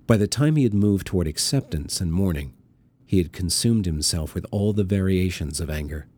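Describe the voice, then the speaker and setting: Deep-voiced male audiobook narrator. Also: lively intonation, a little mellow. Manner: measured and deliberate. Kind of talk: scripted narration.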